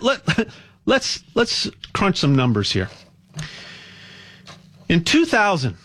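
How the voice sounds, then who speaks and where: A man hosting a casual talk, rambling with repeated words and growing animated as he goes. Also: on the high side. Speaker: host.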